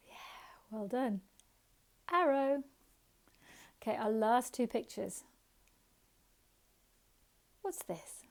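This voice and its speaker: A woman teaching a phonics lesson to young children, slow and sing-song, encouraging, sounding out letters and asking questions. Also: fairly high pitch, gravelly, mellow.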